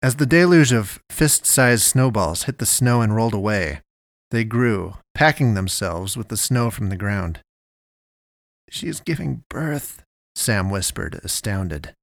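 Low-voiced male storyteller. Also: expressive, measured pace, dry recording, clean studio sound. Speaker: narrator. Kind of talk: scripted story narration.

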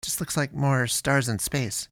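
A man voicing a bewildered, anxious young man lost after death, his questions jumping up in pitch. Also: fairly even intonation, a little slow, fairly bright tone, no echo, clean studio sound. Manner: rising, incredulous questions.

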